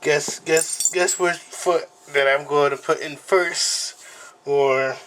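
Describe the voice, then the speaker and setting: A man's voice: fairly high pitch, fairly even intonation. Rambling man unboxing, noisy recording. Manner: rambling, halting, apologetic, with many fillers. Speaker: video host. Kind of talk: casual unboxing vlog.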